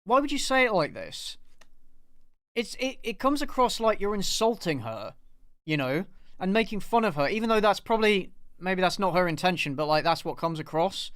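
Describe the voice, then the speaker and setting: A man with a fairly high, smooth voice and a dry, close sound talks casually to his viewers. He rants in exasperation, swears freely and repeats himself when something annoys him. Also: lively intonation, normal speed, fairly bright tone, no room sound. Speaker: film reviewer and host. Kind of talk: casual live commentary over a played clip.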